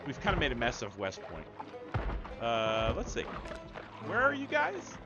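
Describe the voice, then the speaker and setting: Over loud music, a man with a mid-range voice gives excitable live commentary on a multiplayer game, laughing and exclaiming to his chat and friends. He speaks a little slowly, and the recording's highs are cut off.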